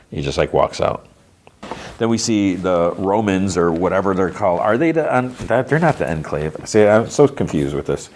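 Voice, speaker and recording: A man with a very deep, low-pitched voice recaps an episode on his podcast. He talks casually and loosely, often stopping to restart and dropping in "like" and "you know.". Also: moderate pace, a little mellow. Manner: rambling, hesitant, lots of "like" and "you know". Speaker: podcast host.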